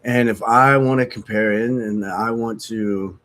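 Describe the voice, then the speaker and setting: A recovery vlogger talks to camera candidly and casually, frank, profane, rambling, and self-mocking, sniffly from opiate withdrawal. His voice is on the low side, steady and fairly bright, and a little slow.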